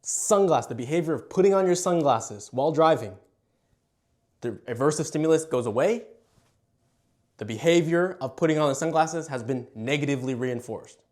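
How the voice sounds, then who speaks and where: Homem animado explicando adestramento. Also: male voice, a little high, normal speed. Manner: animated, checks in with "you see?". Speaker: dog trainer. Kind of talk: explaining to camera.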